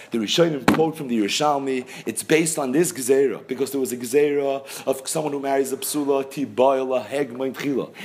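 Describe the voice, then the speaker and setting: A man teaching a Talmud class, explaining texts in English sprinkled with Hebrew and Yiddish terms. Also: medium pitch. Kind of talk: Talmud lecture.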